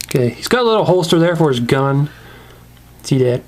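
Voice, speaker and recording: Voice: medium pitch, lively intonation, fairly quick, darkish tone. A casual toy reviewer who rants, swears and laughs often.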